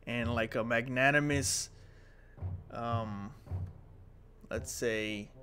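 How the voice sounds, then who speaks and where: A man's voice: mid-range voice, fairly even intonation, drawn-out words, sharp tone. A man acting as dungeon master on a live stream, narrating combat in a casual, profane way with frequent ums. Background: background music.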